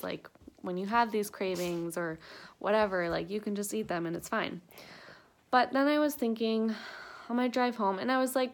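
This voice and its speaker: A young woman talks straight to her viewers in a casual, earnest vlog. Her speech is loose and chatty, full of little fillers, and she sounds a bit out of breath. Her pitch sits at an ordinary middle height. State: slightly out of breath. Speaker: vlogger. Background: dogs.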